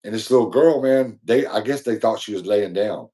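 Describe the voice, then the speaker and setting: A man's voice: on the low side, moderate pace, warm tone, slightly rough. A man co-hosting a podcast, telling a long, rambling, slangy story in casual chat. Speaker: podcast co-host.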